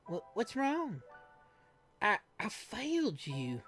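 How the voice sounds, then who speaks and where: A woman voicing a brave, earnest young boy hero with a high, melodramatic delivery over faint game music. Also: wildly swooping pitch, slow pace, fairly bright tone, heavily acted. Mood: earnest vow.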